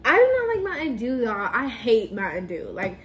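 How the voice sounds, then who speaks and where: A young woman vlogger chats to camera indoors at home while doing a soda challenge, giggling, playful, saying "y'all" to her viewers a lot and burping from all the soda. Her voice sits on the high side, sing-song and brisk, with a fairly bright tone.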